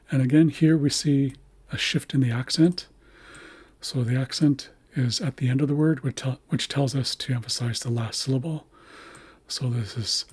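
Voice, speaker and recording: A man giving a screen-share language lesson, carefully repeating each word slowly and breaking it into syllables. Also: mid-range voice, darkish tone, husky. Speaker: language teacher. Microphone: webcam setup.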